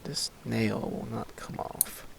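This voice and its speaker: A man hosting a let's play, reading the game's chat aloud with quick asides and frequent laughs. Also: a little hiss or hum.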